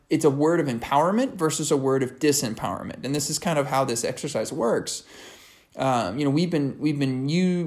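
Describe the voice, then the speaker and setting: Upbeat young man rambling casually. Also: medium pitch. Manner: energetic, rambling, many "like" fillers. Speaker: podcast host. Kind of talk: casual motivational monologue.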